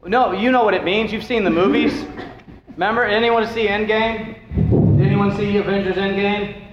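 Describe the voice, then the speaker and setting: Joking pastor in an echoey hall. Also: male voice, sits high, steady tone, moderate pace. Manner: joking, chatty, asks the class questions. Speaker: pastor teaching a Bible class. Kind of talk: casual Bible class teaching. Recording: echoey hall, dull lo-fi sound, faint noise.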